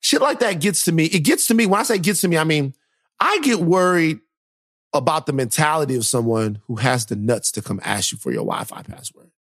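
A slightly high-voiced man speaks briskly in a clean, echo-free studio recording. Co-hosting a podcast, he tells a story in a casual chat and brings the people in it to life by acting out their words.

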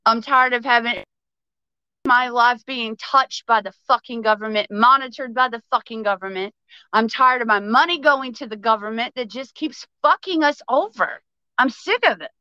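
A woman's voice: fairly high pitch, sharp tone, clear, resonant tone, dry recording, highs cut off. A woman guest on a podcast, ranting about politics with passion, full of swearing and raised intensity. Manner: passionate, profane, fast-flowing. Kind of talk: heated political rant.

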